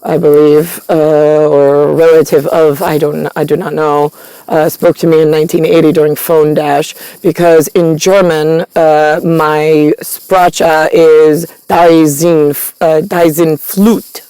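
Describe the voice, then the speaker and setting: Woman with a low, creaky voice and a slow, wandering delivery, muddled talk. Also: flat delivery, dark tone, dry recording. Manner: disjointed, meandering, full of fillers and stray foreign words. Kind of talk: rambling monologue.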